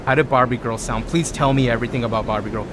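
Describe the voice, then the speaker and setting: A man with an accent, live-streaming a game and chatting casually, reading viewer messages aloud with animated asides. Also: medium pitch, fast talker, background noise. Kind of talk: live-stream chat while gaming. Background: game music.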